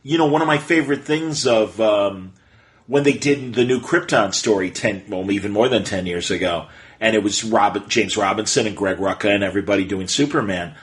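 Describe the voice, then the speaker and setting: A man's voice: lowish voice, a little fast. A man hosting a casual podcast interview, playful and teasing, with casual swearing. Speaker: podcast host.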